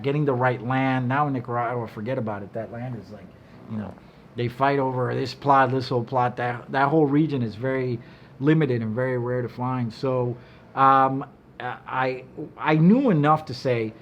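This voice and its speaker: A middle-aged man telling stories in casual chat, animated and profane, acting out quotes in a loud high voice. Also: a little hiss or hum. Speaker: cigar brand owner. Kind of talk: casual storytelling.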